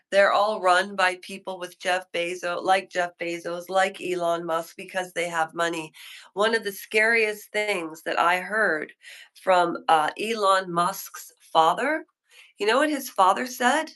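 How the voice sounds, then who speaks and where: A woman hosts a rambling live stream, chatting with her viewers from a hotel room. She talks at an unhurried pace, and her voice is bright and forceful. She is opinionated and keeps drifting from one thought to the next. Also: mid-range voice. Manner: chatty, opinionated, wanders off topic. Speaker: livestream host.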